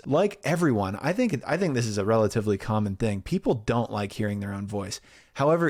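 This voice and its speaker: Candid man answering viewer questions. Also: medium pitch. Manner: relaxed, candid, laughs easily and swears now and then. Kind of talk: casual chat. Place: sound-treated home room. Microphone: home studio mic.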